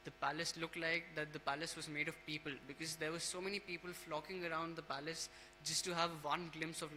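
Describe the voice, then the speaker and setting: A man leading a temple scripture class, telling a devotional story in a casual, halting way, with many fillers and restarts. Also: fairly high pitch, flat delivery, bright, forceful tone, slight background noise, poor audio.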